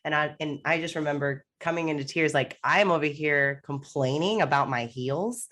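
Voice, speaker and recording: A woman co-hosting a casual fitness podcast as a competition coach, talking animatedly and acting out her clients' worries in a higher voice. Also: normal speed, fairly bright tone.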